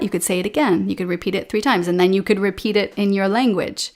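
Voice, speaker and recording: A woman in an animated, casual conversation, explaining her points with a ready laugh. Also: mid-range voice, a little fast.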